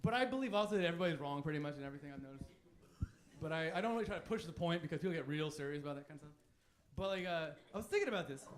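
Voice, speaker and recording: A man performing a stand-up comedy set on a club stage, animated, jumping from loud bursts to low mutters.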